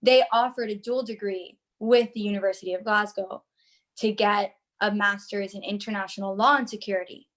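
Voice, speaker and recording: A woman's voice: medium pitch, fairly quick. A woman in her twenties from Miami, a podcast guest telling stories in casual chat and acting out her own lines. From Miami, United States. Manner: animated storyteller, acts out her own lines.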